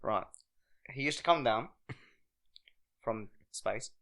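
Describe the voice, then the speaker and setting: A man's voice: mid-range voice, lively intonation, slow, vocal fry, fairly bright tone. A young man from England, co-hosting a podcast, telling rambling stories in casual pub chat. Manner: rambling storytelling with frequent laughter. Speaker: podcast co-host.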